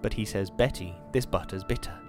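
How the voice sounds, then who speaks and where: A man voicing a frightened young boy who whispers hoarsely, reciting rhymes to steady himself. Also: fairly low pitch, a little fast, soft background music, lightly acted.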